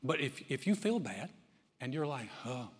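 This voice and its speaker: Preaching in a church sanctuary, a pastor speaks at a normal pace in a sing-song, mid-range voice. He shares stories conversationally, frequently starting over, and the church hall's long reverb fills the recording.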